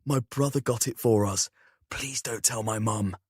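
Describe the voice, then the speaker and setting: A man's voice: lowish voice, normal speed, breathy edge, no room sound, clean studio sound. A man voicing a sneaky, playful young man. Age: young adult. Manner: sly, playful.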